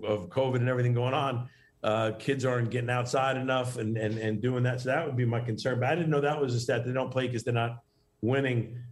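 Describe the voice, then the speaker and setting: A middle-aged man from New York, a guest in a casual interview, talking in a rambling way with many restarts and fillers. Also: mid-range voice.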